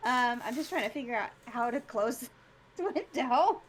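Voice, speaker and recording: A high-pitched woman joining a stream as a guest over a call. She chats casually, relaxed and a little distracted as she sorts out her screen. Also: unhurried.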